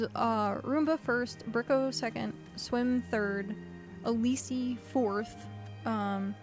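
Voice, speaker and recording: A woman streaming a game, chatting casually and thinking aloud with lots of fillers. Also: fairly high pitch. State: hiccuping. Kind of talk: casual gameplay chat.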